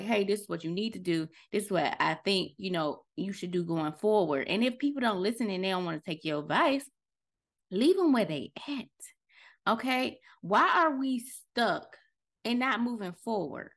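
A woman's voice: medium pitch, creaky, fairly bright tone. A woman hosting a podcast, giving a casual motivational talk and chatting loosely to listeners as "y'all". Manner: loose, conversational, self-correcting. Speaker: podcast host.

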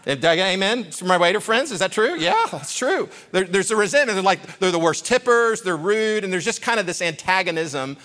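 A man preaching as a guest speaker, telling a personal story in a conversational, halting way with many fillers and restarts. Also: high voice, animated, bright, forceful tone. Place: church sanctuary.

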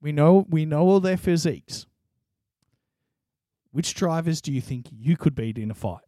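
A man's voice: fairly high pitch, normal speed, no echo, clean studio sound. A young man co-hosting a podcast, telling stories with lots of swearing and laughter. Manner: laughing, animated storytelling, swears freely. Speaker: podcast co-host. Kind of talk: casual chat.

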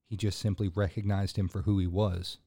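Low gravelly man preaching on a podcast. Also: little pitch movement, fairly quick, warm tone. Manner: earnest preaching, builds to emphatic bursts; casual fillers and restarts between points. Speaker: podcast host. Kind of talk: sermon-style podcast talk.

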